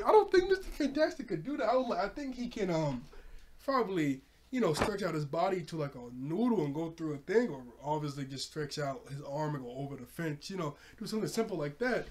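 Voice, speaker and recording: A young man casually recapping a cartoon episode, laughing often and jumping up in pitch when surprised. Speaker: show reviewer.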